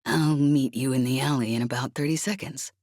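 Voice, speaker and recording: A woman's voice: rumbling low, fairly quick, darkish tone, dry recording. A woman reading an audiobook, voicing a wary, dryly reluctant man in a space adventure. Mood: wry. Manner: dry and reluctant. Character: wary, wry older male smuggler.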